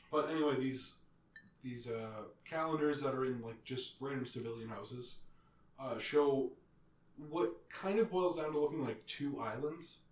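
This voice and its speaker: A man co-hosting a casual podcast, describing things hesitantly and searching for words. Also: mid-range voice. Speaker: podcast co-host. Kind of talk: casual chat. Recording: echoey room, mic at a distance.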